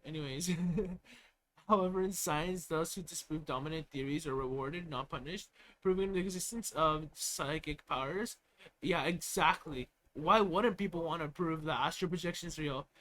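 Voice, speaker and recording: A man's voice: fairly high pitch, fairly bright tone, poor audio. A young man on a live stream reading an article aloud and breaking off into casual, swearing, laughing commentary.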